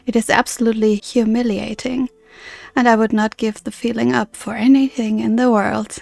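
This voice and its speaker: Woman reading reserved formal guardian woman, game dialogue, soft and measured, slightly high, gravelly, dry. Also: flat delivery, dry recording. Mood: earnest.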